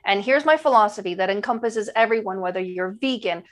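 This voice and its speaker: A woman's voice: mid-range voice, fairly quick. A woman nutrition coach speaking in a podcast interview, enthusiastic and emphatic, repeating her key phrases for effect.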